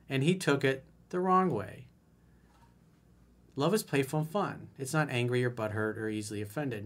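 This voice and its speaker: A man's voice: fairly high pitch, fairly bright tone. A man speaking as a dating coach in a solo advice monologue, blunt and emphatic, reading out listener messages and commenting on them.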